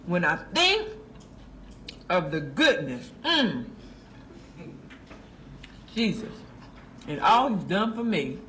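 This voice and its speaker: A woman's voice: lowish voice, big pitch swings, slow, long pauses, pushed and bright, a little hiss or hum. A woman filming herself in a car, gushing over a sandwich with preacher-like praise and talking with her mouth full. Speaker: food vlogger. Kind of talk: casual selfie video review. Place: inside a car.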